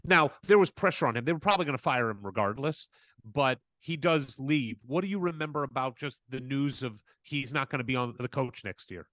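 A man hosting an interview, asking calm, probing follow-up questions. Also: mid-range voice, fairly quick, dry recording. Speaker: podcast host, interviewer.

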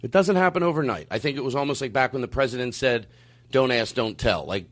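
A man ranting in a heated conversation, emphatic and argumentative, sometimes rising to near-shouting. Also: medium pitch, animated, quick pace.

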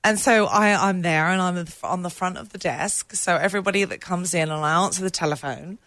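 A woman from England with a London accent, a guest telling lively, amused stories in a casual chat. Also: on the low side, brisk, dry recording. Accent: London English. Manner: animated storyteller, chatty and amused.

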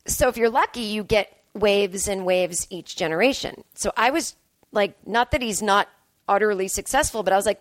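A woman's voice: mid-range voice, a little fast, no echo. A woman comedian hosting her podcast, telling a rambling, self-deprecating story and acting out her own lines. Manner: rambling, self-deprecating, animated quoting of herself. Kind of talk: casual storytelling monologue.

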